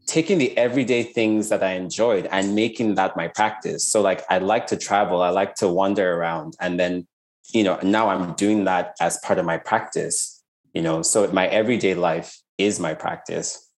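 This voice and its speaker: Low-voiced man, reflective. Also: steady tone, moderate pace. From Nigeria. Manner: reflective, with frequent restarts and "like" fillers. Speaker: artist being interviewed. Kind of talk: casual interview conversation.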